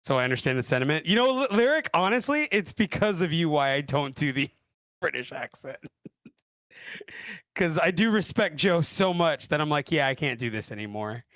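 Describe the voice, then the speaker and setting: A man hosting a live stream in casual chat, his voice a little higher than most and swinging all over the place. He laughs often and jumps between loud bursts and quiet asides. It sounds dry, close to the mic. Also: animated, normal speed, no echo. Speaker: stream host.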